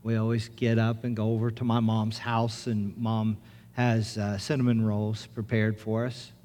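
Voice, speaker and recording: A middle-aged man, a pastor, preaching a sermon in an earnest storytelling manner, rising to loud excitement as the story builds. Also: on the low side, a little slow, a little hiss or hum. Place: church sanctuary. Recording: reverberant church with music.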